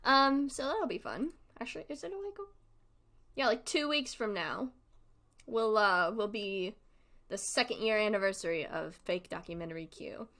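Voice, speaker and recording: A woman's voice: medium pitch, moderate pace, fairly bright tone. A young woman streaming live, chatting casually and rambling, laughing often between thoughts. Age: young adult.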